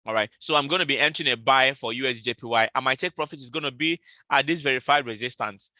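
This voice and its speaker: A man with a very bright, sharp-edged voice hosts a live trading session. He repeats each call and spells out numbers slowly, and the sound is dry and close to the mic. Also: mid-range voice, no room sound. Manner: repetitive, calls out trade levels slowly and repeats them. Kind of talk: live market analysis stream.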